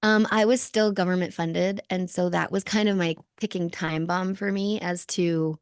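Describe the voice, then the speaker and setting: Lively laughing woman, dry close sound. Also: lowish voice, normal speed, smooth, no room sound. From Canada. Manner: lively storyteller who laughs often. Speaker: podcast guest, former Olympic snowboarder. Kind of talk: casual conversation.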